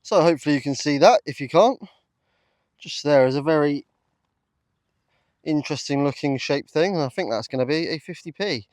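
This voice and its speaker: A man talking casually to camera while metal detecting in a field, chatty and easily excited, with lots of fillers. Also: fairly high pitch, moderate pace, long pauses, no room sound. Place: open field outdoors.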